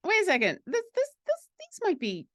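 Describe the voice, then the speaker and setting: A woman chatting casually on a livestream while painting miniatures, playful and full of quick asides. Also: very high-pitched, wildly swooping pitch, no echo, clean studio sound. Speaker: mini painting teacher.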